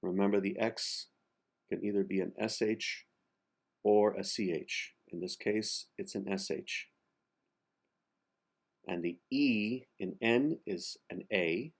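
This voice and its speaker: A man teaching the pronunciation of a song text, speaking slowly and carefully, spelling out sounds and repeating words one syllable at a time. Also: lowish voice, gravelly. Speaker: diction coach. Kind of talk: pronunciation lesson for singers.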